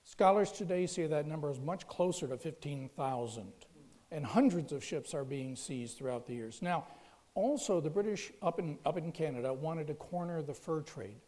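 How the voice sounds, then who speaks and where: A man's voice: on the high side, expressive, normal speed, dark tone. A man giving a public history lecture in a storytelling way, with frequent restarts and fillers. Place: lecture hall. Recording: long hall reverb.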